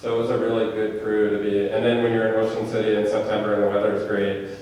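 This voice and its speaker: A man's voice: on the low side, completely flat delivery, darkish tone, a little hiss or hum. A man, a film director, answering audience questions at a screening in a casual, rambling way with lots of fillers. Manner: chatty, rambling with fillers and quick asides. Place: movie theater auditorium. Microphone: handheld microphone. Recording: echoey theater heard from far off.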